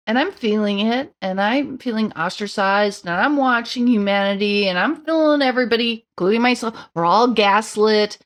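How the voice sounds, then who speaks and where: A middle-aged woman on a podcast tells her story in a casual, animated way. Her fairly high voice bounces between quick asides and playful voices she puts on for herself and others. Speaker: podcast guest.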